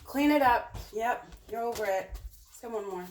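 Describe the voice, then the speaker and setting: A woman's voice: fairly high pitch, normal speed, recorded from a distance. Chatty woman doing a tarot reading. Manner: chatty, rambling, with many fillers. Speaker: tarot reader. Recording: roomy, off-mic with faint noise.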